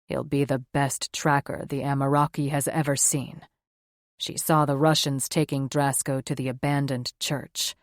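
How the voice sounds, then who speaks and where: A woman voicing a protective male werewolf tracker in an audiobook, speaking low and calm. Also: unhurried, dry recording, clean studio sound. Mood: steady, reassuring.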